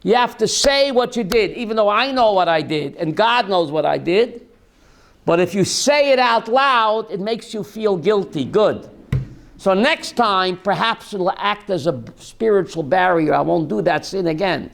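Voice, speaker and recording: A man teaching a lively Torah class as a rabbi, asking his listeners questions and mixing in Hebrew terms. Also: high voice, a little slow, gravelly. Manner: animated, asks the audience questions, mixes Hebrew terms.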